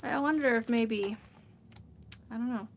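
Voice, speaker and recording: A woman's voice: on the high side, a little slow, a little hiss or hum. A woman chatting casually on a crafting vlog, rambling and often laughing as she works. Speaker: crochet vlogger. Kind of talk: casual livestream chat while crafting.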